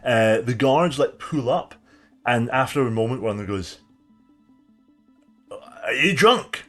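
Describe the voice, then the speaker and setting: A man runs a tabletop game, describing scenes in an easy, relaxed way at a middle pitch. Faint music plays under his voice. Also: normal speed. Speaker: game master.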